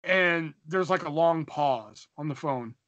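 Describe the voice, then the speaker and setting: A young man co-hosting a podcast tells a story in a casual, animated way, swearing and acting out the dialogue. His voice is a little high and his pace slow, with lo-fi sound and no echo.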